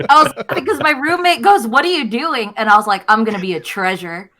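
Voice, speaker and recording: A young woman co-hosting a podcast in casual chat, telling a story in an animated way with bursts of laughter. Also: fairly high pitch, brisk, a little hiss or hum. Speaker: podcast co-host.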